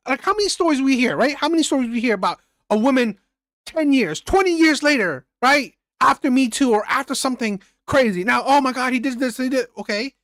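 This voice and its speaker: A man's voice: extremely high pitch, a bit bright, dry recording, studio quality. Blunt, swearing male reaction host. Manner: blunt, emphatic, repeats phrases, swears. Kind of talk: reaction commentary.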